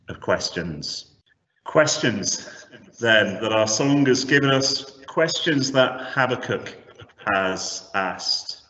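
A man preaching a sermon with animated, rhetorical emphasis, heard from a distance in a church. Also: mid-range voice. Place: church hall. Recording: echoey hall from a distance, slightly dull.

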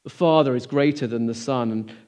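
A man preaching a sermon, earnest and full of rhetorical questions, moving between emphatic lines and hushed, almost whispered ones. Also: mid-range voice, a little fast.

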